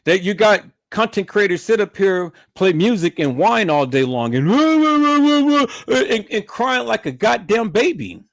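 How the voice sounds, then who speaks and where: A livestreamer rants heavily profane, repeating words and restarting as he gets heated. His voice sits high and sing-song at a measured pace with few pauses, recorded in studio quality with no room sound.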